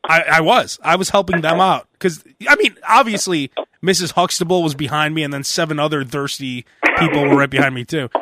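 A man's voice: on the high side, fairly quick, few pauses, dry recording, clean studio sound. A man hosting a podcast, telling a casual story with lots of laughter and acted-out voices of the people in it. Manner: animated, mimics people in his stories, laughs a lot. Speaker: podcast host.

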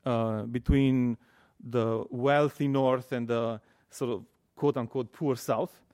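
A man's voice: mid-range voice, steady tone, slow, darkish tone, dry recording, studio quality. A man moderating an academic event, introducing the guest speaker with many hesitant fillers. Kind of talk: formal introduction.

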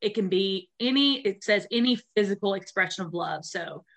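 Bright, profane young woman storyteller. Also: mid-range voice, normal speed. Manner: profane, animated storytelling with acted-out quotes. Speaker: podcast co-host. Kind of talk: casual chat.

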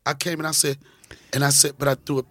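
A male comedian telling a story in a relaxed chat, acting out the people he quotes. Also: fairly high pitch, fast talker, no echo, studio quality. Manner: animated, acts out the people he quotes. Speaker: comedian and guest.

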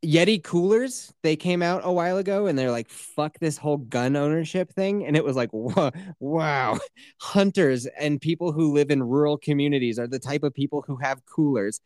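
A man's voice: fairly high pitch, brisk, few pauses, a little mellow, clean tone, dry recording. A man co-hosting a casual podcast, cursing freely, talking sarcastically and acting out mocking voices. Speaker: podcast co-host.

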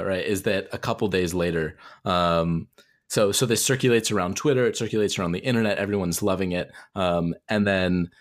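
A man co-hosting a casual sports podcast, talking in a loose, rambling way full of "like.". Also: sits low. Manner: rambling with many "like" fillers. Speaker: podcast co-host.

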